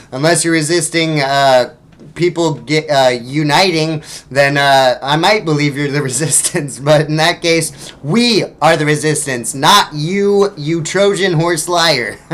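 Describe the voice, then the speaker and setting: A young man hosts a fiery political talk show, swearing freely and mocking his targets with sarcasm. His voice sits a little high for a man, and he stumbles through frequent "uh"s and "um"s as he rants. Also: a bit bright. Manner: angry, profane, sarcastic ranting with frequent fillers. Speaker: radio show host.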